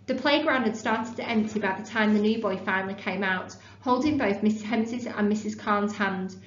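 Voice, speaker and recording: A woman teacher reading a children's book aloud in a clear, expressive storytelling voice. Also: medium pitch, moderate pace. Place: classroom. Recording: roomy, dull lo-fi classroom recording.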